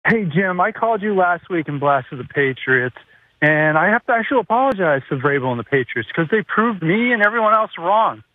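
A man calling in to a sports radio show, an excited, rambling fan. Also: high-pitched, brisk. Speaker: caller. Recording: tinny phone line.

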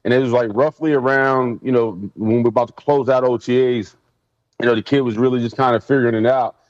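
A man's voice: mid-range voice, quick pace, no echo. A man, a former pro football player, telling stories in a casual interview and acting out what others said. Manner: animated, acts out quotes in raised voices. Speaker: former NFL player guest. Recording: dull lo-fi sound.

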